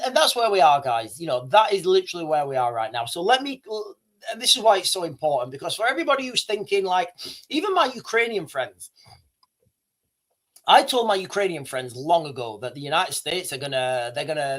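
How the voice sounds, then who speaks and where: A man's voice: fairly high pitch, fairly bright tone. A man hosting a casual live stream, rambling and correcting himself as he talks to viewers, coughing now and then. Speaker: livestream host.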